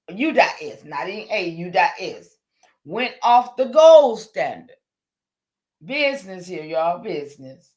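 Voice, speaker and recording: A middle-aged woman preaches on a livestream in a high voice. She talks straight to her viewers, excitable and insistent. Often she breaks into shouts. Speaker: livestream host. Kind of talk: impassioned livestream talk.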